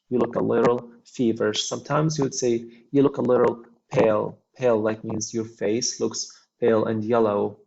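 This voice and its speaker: Male English teacher, gravelly voice, reads examples then explains slowly with fillers; muffled lo-fi sound. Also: on the low side, darkish tone. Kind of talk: explaining a textbook dialogue. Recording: dull lo-fi recording.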